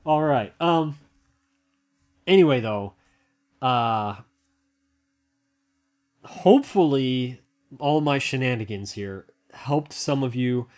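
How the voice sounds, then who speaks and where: Man, mid-pitched, casual walkthrough, rambling, excitable, frequent laughs. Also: takes it slowly, pauses often. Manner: thinks aloud, rambling with filler words and restarts. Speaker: hobbyist video maker. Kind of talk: casual hands-on tech walkthrough.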